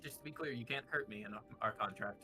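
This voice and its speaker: A man playing a tabletop game, full of playful, wheedling banter. His voice is bright and sharp, at a middling pitch, with faint music in the background. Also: fast. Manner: playful and wheedling, laughs easily. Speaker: player.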